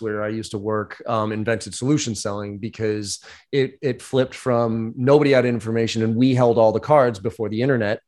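A man hosting a casual talk about sales, swearing freely and acting out scenes in quick voices. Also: medium pitch. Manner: profane, animated storytelling with put-on voices. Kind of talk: casual conversation.

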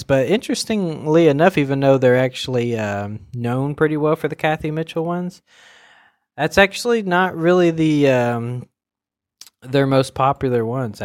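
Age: adult. Sex: man. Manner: rambling casual commentary. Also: medium pitch. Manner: rambling, many fillers and restarts, chuckling. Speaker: commentator on online comedy dubs.

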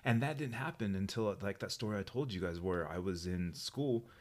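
A man's voice: fairly low pitch, normal speed. A man from New Mexico, co-hosting a podcast, telling a childhood story in casual chat and acting out the people in it. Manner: animated storyteller acting out quoted voices. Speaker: podcast co-host.

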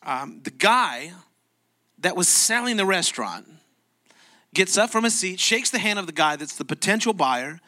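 Male pastor, bright tense tone, mid-high voice, conversational storytelling sermon. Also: big pitch swings, normal speed. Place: church.

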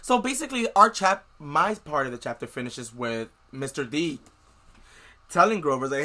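A man's voice: fairly high pitch, moderate pace. A man co-hosting a podcast, recapping a book chapter in casual chat and acting out the characters' lines. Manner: animated, acts out characters' lines. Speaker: podcast co-host.

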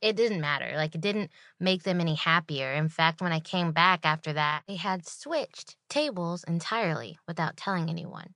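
A woman host rants through a story in a sarcastic, animated, exasperated way. Her voice sits fairly low for a woman. The recording is dry and close, with no room sound. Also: normal speed, hardly any pauses, dry recording. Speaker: podcast host. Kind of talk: solo storytelling rant.

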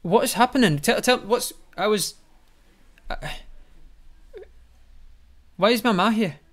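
A man's voice: high-pitched, takes it slowly, fairly bright tone, voice pushed up. A man voicing a confused, panicking adventurer who stammers and fires off questions. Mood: panicked. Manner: frantic, stammering, repeated questions.

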